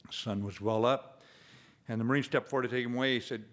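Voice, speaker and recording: Here a retired general, an older man, shares his own war story in a speech. His pace is measured, fillers come often, and his voice sits in the mid-range.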